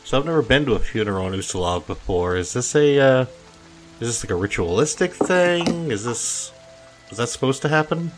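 A man playing a tabletop game, asking quick, curious questions. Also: medium pitch, expressive, soft background music. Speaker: player. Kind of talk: casual tabletop play.

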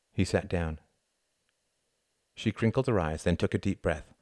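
A man narrating a novel in a quiet, measured storytelling manner. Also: sits low, no room sound, clean studio sound. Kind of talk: audiobook narration.

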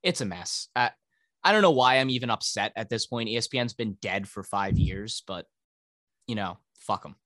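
A man's voice: lowish voice, moderate pace, pushed and bright, no echo. A male podcast co-host ranting about sports in casual, profane talk.

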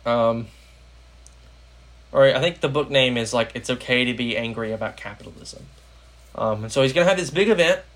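A man's voice: medium pitch, fairly quick, pauses often. A young American man hosting a casual political podcast, rambling with lots of fillers. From United States. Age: young adult. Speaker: podcast host.

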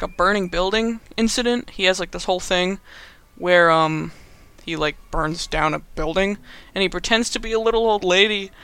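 A man's voice: high voice, pushed and bright, clear, resonant tone, no echo. A young man casually recapping a movie in a rambling, amused way, full of fillers. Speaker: host.

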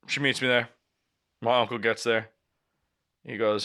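A young man on a podcast recounts a story in a casual, animated way. His voice is bright and forceful at a middle pitch. He swears freely and keeps acting out what everyone said. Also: moderate pace, long pauses. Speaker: podcast host.

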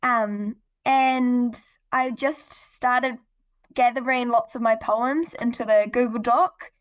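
Her voice on the high side, steady in tone and slow in pace, a teenage poet chats casually as a podcast guest. She gives polite, earnest answers and giggles in between them.

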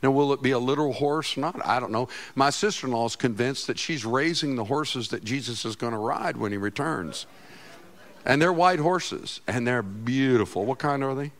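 A middle-aged man, a pastor, preaching a sermon with passion, swinging from loud outbursts to quiet asides. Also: mid-range voice, normal speed.

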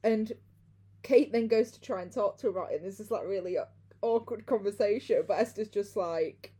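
Husky-voiced woman recapping a film. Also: mid-range voice, a little fast, dark tone. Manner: chatty, laughs easily, retells scenes. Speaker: podcast host. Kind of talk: casual film recap chat.

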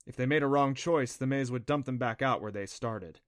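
A man narrating a children's adventure audiobook in a steady, plain storytelling manner. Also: mid-range voice, fairly quick, smooth, dry recording, clean studio sound.

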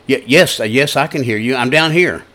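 A frantic man clinging to a branch over a canyon, as a preacher puts him on, pitched high and loud as he stammers and begs for rescue. He shouts for help, his words tripping over each other. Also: moderate pace, lightly acted. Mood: pleading. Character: panicked man dangling from a cliff.

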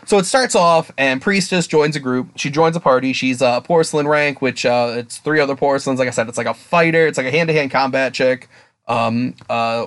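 A man co-hosting a casual podcast, excitable, swearing often and acting out quotes in a raised voice. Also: dry recording. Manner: excitable, swears a lot, acts out quotes in a higher voice. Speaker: podcast co-host.

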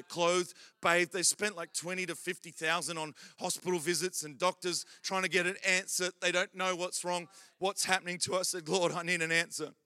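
Bright-voiced male pastor preaching. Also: high voice, no room sound, clean studio sound. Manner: storytelling, humorous asides, builds to loud exhortation. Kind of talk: sermon.

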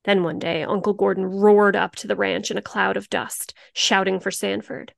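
A woman co-hosting a true-crime podcast, reading the story in a steady, grim narration. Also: medium pitch, normal speed, vocal fry, dry recording, studio quality. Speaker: podcast co-host.

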